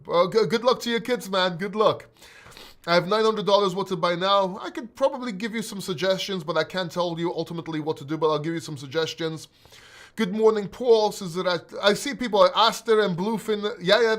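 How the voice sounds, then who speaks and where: Talkative high-voiced male streamer. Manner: talkative, blunt, swears freely. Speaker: crypto livestream host. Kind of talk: casual livestream chat, reading chat aloud.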